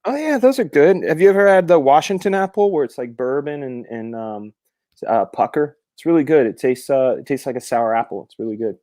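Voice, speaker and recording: A man's voice: medium pitch, lively intonation, a little fast, mellow, no echo. Enthusiastic man with a dry voice. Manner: enthusiastic and jokey. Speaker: guest. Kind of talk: casual live chat.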